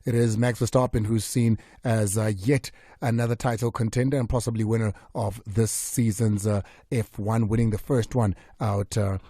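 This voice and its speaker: Dark, husky radio host. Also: male voice, lowish voice, normal speed, no echo, studio quality. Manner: chatty, reads scores in a relaxed run with many fillers. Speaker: radio sports show host. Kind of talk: casual radio sports chat. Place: radio studio. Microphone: studio microphone.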